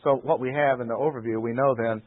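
A man teaches scripture in a measured, deliberate way, repeating his key phrases for emphasis. His voice sits at an ordinary middle pitch. The recording is thin and tinny, like an old radio broadcast. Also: fairly even intonation. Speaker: preacher. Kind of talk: expository Bible teaching.

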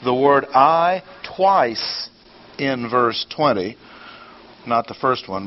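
Male Bible teacher, average pitch, patient and methodical, repeats key points; dull lo-fi tape. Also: lively intonation, slow. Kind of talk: classroom Bible lesson. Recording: dull lo-fi recording.

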